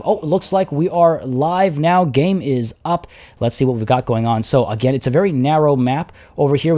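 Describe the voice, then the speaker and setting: A man's voice: mid-range voice, a little mellow. A young man hosting a strategy game livestream, chatting with viewers, reading out their comments and casting the match with frequent laughs. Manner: chatty, reads chat aloud, laughs often. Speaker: livestream host and game caster.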